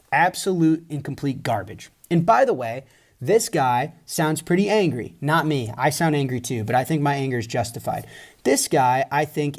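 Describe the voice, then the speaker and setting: Guy ranting hard, fairly high voice, mocking folks and cussing, talks to the camera crowd. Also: a little mellow. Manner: emphatic, mocking, mimics others in quoted rants; swears casually. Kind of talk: animated commentary.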